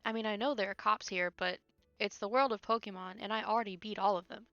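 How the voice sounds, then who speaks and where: A woman's voice: mid-range voice, fairly even intonation, fast, bright, forceful tone, dry recording, highs cut off, soft background music. A woman casually commenting on a video game she plays, teasing and wry, laughing often. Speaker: game streamer. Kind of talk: casual let's-play commentary.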